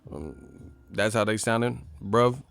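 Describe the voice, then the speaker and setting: A man's voice: mid-range voice, animated, moderate pace. A man hosting a boxing channel, ranting casually on a live stream in a profane, mocking, rambling way.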